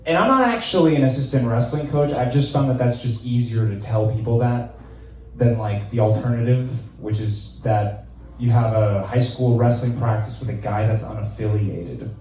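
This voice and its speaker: A man in his twenties doing a stand-up set in a small club, deadpan and rambling, with lots of fillers. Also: mid-range voice, moderate pace, very echoey, distant mic, a little hiss or hum, low-quality recording. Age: 20s. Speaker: stand-up comedian.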